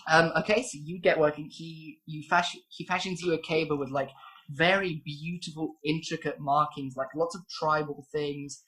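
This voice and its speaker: A woman's voice: deep voice, steady tone, normal speed, a bit bright. A woman narrating as game master, rambling with fillers and giggles.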